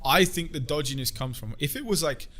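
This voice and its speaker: A young man co-hosting a podcast in crude, joking banter. His voice is bright and forward. He swears freely and laughs often. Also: a little high, expressive, fairly quick. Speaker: podcast co-host.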